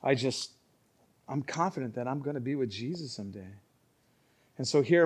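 A male pastor preaching a sermon, emphatic and swinging between quiet asides and loud exclamations. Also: mid-range voice, animated, moderate pace, husky.

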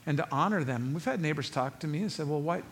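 Male pastor, lively preacher who acts out quotes and fires rhetorical questions, voice a bit high. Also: fast, a little hiss or hum. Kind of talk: sermon.

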